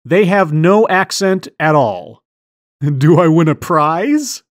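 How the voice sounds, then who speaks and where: A woman's voice: deep voice, animated, slow pace, no echo. A woman hosting a comedy skit in a mock mind-reader persona, talking in a theatrical, dry, sardonic way. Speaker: host.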